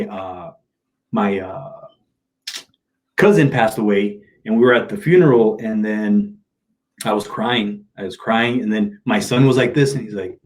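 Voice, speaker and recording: A man's voice: fairly low pitch, a little mellow. A middle-aged man, a motivational speaker, speaking openly and emotionally in an interview, telling personal stories in casual slang. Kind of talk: candid interview talk.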